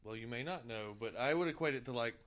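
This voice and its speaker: A man's voice: mid-range voice, fast, fairly bright tone. A man in his thirties co-hosting a podcast, telling loose, profane stories in casual chat. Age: 30s. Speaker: podcast co-host.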